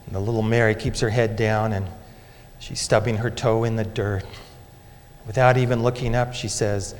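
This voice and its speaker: A man preaching a sermon as a dramatic story, moving between loud and hushed delivery. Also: on the low side, little pitch movement, normal speed, slight background noise. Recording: long hall reverb.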